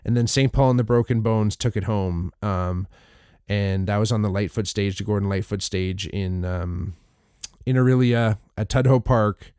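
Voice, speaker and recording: A man hosts his podcast solo, rambling through a casual recap with plenty of restarts and casual swearing. His voice sits low and sounds smooth and clean. The recording is dry and close, with no room sound. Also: fairly even intonation, moderate pace, darkish tone, no room sound. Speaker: podcast host.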